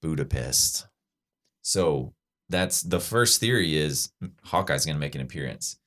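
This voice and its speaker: With an extremely low voice yet lively intonation, a podcast host breaks down a trailer in unhurried, enthusiastic casual chat, full of fillers and restarts. His tone is fairly bright.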